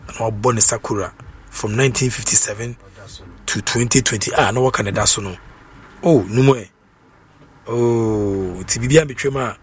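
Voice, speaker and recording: A man's voice: mid-range voice, a bit bright, a little hiss or hum. A Ghanaian man, a radio presenter, reading out announcements and a tribute in a chatty way, stumbling over names and repeating them.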